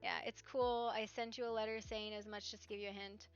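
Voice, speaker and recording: A woman streamer chatting casually about a roleplay game, rambling and animated, often tagging "right?" onto her points. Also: medium pitch, brisk. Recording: slightly dull stream mic with faint music.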